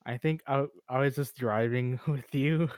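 Young man, mid-pitched voice, relaxed filler-heavy chat, dry close sound. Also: measured pace, no echo. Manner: easygoing, laughs often, lots of "like". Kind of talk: casual chat.

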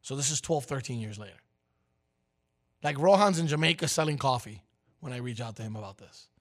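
A mid-range voice delivered briskly belongs to a man in his forties who co-hosts a radio show. He tells a story in casual conversation, animated and acting out each quoted line loudly.

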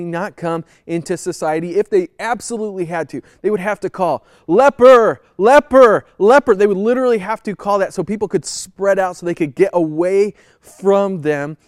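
A man with a somewhat high voice delivers a conversational sermon from the pulpit. He speaks earnestly, pressing his points with pleading emphasis. The recording is dry, with no room echo. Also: a little mellow, clear, resonant tone. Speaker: pastor.

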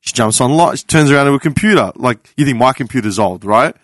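Australian man, podcast panelist, casual storytelling, profane, lively pitch, dry close sound. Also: fast talker, no room sound. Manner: animated, profane, laughs through his anecdote.

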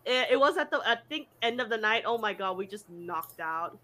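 A young woman casually telling a story, animated, full of "like" and swearing, laughing often and jumping up high for quoted voices. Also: a little fast.

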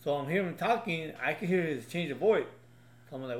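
A man's voice: on the high side, expressive, a little fast, roomy sound. A father in casual podcast chat, telling loose anecdotes and leaning on filler words.

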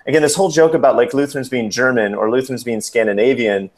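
A man speaking as a podcast guest in casual conversation, lively and acting out quoted voices. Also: medium pitch, fast. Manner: animated storyteller, acts out quotes.

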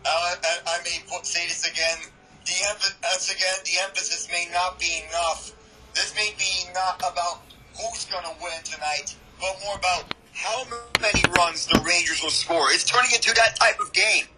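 A man's voice: high-pitched, steady tone, moderate pace, bright, forceful tone, faint music behind, low-quality recording. A man giving color commentary on a baseball game, reacting emphatically and repeating his exclamations. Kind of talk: fan broadcast baseball commentary.

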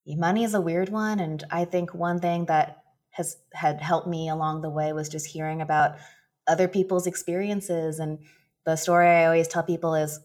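Lower-pitched woman co-hosting a podcast. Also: fairly even intonation, moderate pace, darkish tone. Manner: anecdotal, laughs while telling stories. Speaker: podcast co-host. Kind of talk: casual chat, storytelling.

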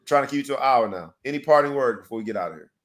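A man co-hosting a casual sports talk podcast, building hype with an animated delivery. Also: medium pitch, racing. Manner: rambling sign-off with repeated pleas. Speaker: podcast co-host.

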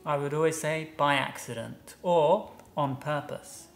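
A British man chatting casually as a guest teacher, soft-spoken and unhurried. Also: on the high side, steady tone, vocal fry, faint music behind. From United Kingdom. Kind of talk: casual conversational chat.

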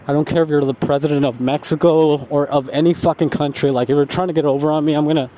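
A man venting in a casual storytime rant, swearing heavily and animated. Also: fairly high pitch, fast, slight background noise. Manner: heavy profanity, animated ranting with laughs. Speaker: vlogger.

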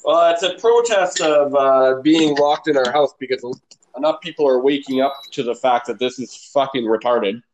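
A man's voice: medium pitch, moderate pace, low-quality recording. A man in casual chat, rambling and crude, swearing often.

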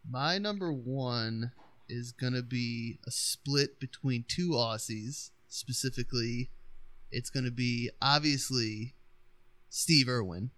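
A man co-hosting a casual podcast, excitable and giggly. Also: medium pitch, slow, dry recording. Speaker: podcast co-host. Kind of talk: casual chat.

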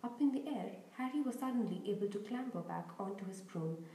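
A woman's voice: medium pitch, brisk, roomy sound, a little hiss or hum, rough recording. A woman narrating a children's novel aloud as host of a reading podcast. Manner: steady storytelling reading. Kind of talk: audiobook narration.

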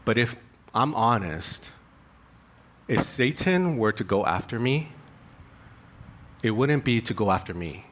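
A man's voice: medium pitch, lively intonation, slow, pauses often, fairly bright tone. A male pastor preaching a sermon in an earnest, confessional way, building emphasis through rhetorical questions.

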